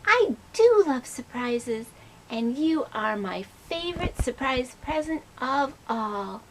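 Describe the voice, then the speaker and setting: A woman voicing a gentle, puzzled puppet pig. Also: sits high, big pitch swings, slow, slight background noise, full character voice, poor audio. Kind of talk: puppet skit.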